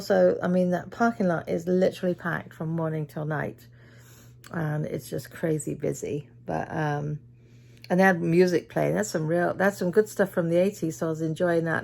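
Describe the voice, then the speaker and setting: A tired middle-aged British woman talks through her day in a casual vlog, her voice fairly low, creaky and darkish. She's a chatty storyteller who acts out what people said to her.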